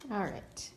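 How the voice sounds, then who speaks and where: A woman's voice: darkish tone, slight background noise. A woman with a Texan accent hosting a casual livestream coloring tutorial, chatty and laughing often, tired after a long day. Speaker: craft tutorial host.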